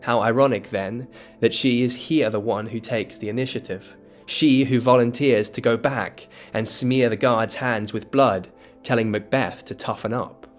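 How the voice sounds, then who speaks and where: A man giving scripted educational narration that explains a play, in a measured, dramatic storytelling tone. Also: mid-range voice, steady tone, soft background music. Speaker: literature explainer.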